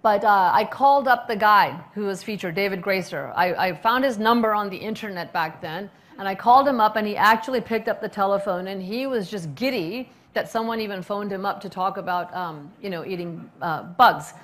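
Middle-aged woman speaker, animated storyteller, lots of ums, mid-range voice. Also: medium pitch, brisk, hardly any pauses. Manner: animated, chatty, with many fillers and restarts. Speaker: restaurant owner and speaker. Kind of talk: storytelling public talk.

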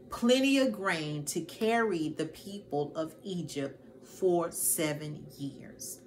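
Woman, channel host, lowish voice, slow and deliberate, folksy, preacherly, earnest prayer and scripture reading. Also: a little hiss or hum. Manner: warm familiar address to viewers, folksy and preacherly; reads scripture aloud and prays earnestly. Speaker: host of a Christian financial stewardship channel. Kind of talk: casual faith-based teaching and prayer.

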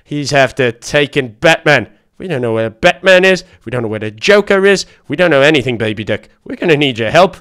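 A man with an Irish accent voicing an older, polite male butler in a Minecraft adventure, speaking slowly and softly. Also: mid-range voice, expressive, natural voice. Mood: worried, polite. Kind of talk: Minecraft adventure role-play.

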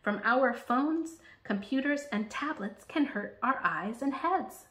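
A woman's voice: high voice, animated, slow, fairly bright tone, pitched above the performer's own voice, heavily acted. A woman voicing a friendly flying computer chip who playfully teaches children. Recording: roomy echo.

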